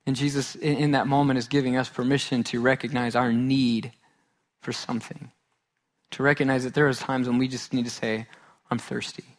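This pastor preaches a sermon in a mid-range, level voice at a fairly quick pace. He tells a funny childhood story, poking fun at himself, then drops into a hushed, earnest tone.

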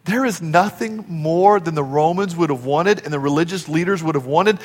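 A man preaching a sermon as a pastor. He swings from shouts down to whispers and urges the congregation to answer him aloud. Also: a little high, normal speed, long reverb tail. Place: church sanctuary.

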